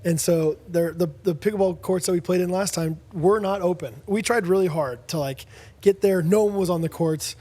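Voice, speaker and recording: A man's voice: sits high, normal speed. A man co-hosting a podcast in casual chat, animatedly telling stories and acting out the dialogue. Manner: animated storyteller, acts out dialogue. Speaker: podcast co-host.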